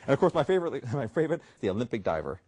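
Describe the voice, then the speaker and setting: A man's voice: medium pitch, big pitch swings, very fast, darkish tone, no echo. A man doing comic stage patter as a magician, playful and chuckling between jokes.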